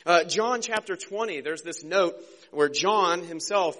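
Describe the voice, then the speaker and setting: Man, pastor, conversational sermon, a bit higher pitched voice. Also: sharp tone. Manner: conversational, joking, acts out quick character voices.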